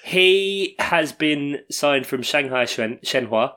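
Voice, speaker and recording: A man's voice: fairly high pitch, expressive, slow pace, sharp tone. A man co-hosting a sports podcast in casual chat, joking and riffing on numbers. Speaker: podcast co-host.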